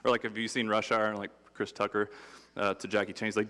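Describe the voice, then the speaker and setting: A man preaching a sermon in a relaxed, conversational and humorous way, acting out quotes. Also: lowish voice, fast. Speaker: pastor. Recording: long hall reverb.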